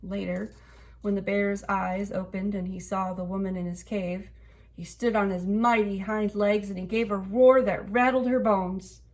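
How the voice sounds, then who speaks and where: A woman reading a children's picture book aloud in an expressive storytelling way. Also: medium pitch, unhurried. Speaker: storybook reader.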